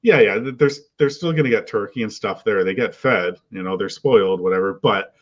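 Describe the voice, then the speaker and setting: A man's voice: on the low side, a little fast, highs cut off, a loud crowd. A man hosting a casual panel chat, talkative and asking his guests questions over a video call. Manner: chatty, asks guests questions.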